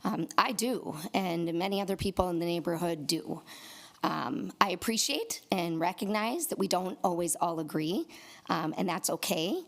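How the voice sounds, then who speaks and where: A woman's voice: fairly low pitch, animated, moderate pace, gravelly, fairly bright tone. A woman resident who is losing her voice gives earnest public comment at a council meeting, with many fillers. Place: council chamber.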